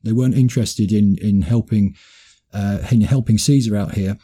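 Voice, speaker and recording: A man's voice: fairly low pitch, moderate pace, warm tone, slightly rough. A man hosting a history talk, reading quoted passages and often repeating words as he goes. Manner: hesitant, repeats words, reads passages aloud. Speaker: podcast host.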